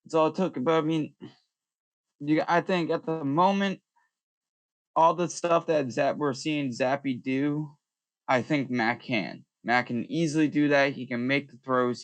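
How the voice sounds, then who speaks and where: A man co-hosting a sports podcast, talking in a measured way and thinking aloud with many fillers. His voice sits at a middle pitch with a dry, close sound. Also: no echo. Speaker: podcast co-host. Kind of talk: casual sports talk.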